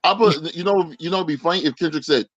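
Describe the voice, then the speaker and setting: A man co-hosting a podcast who talks very fast and throws in sarcastic jabs. His voice sits a little high. It comes through a dull, lo-fi mic in a dry space. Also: dry recording. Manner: rapid, sarcastic interjections. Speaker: podcast co-host. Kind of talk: casual podcast banter.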